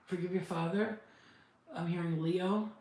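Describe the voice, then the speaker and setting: A woman psychic medium channeling messages in a halting, repetitive, emotional way, close to tears. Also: fairly low pitch, steady tone, warm tone. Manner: halting, repetitive, restarts words. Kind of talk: live spirit channeling session. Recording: very echoey room, faint background noise.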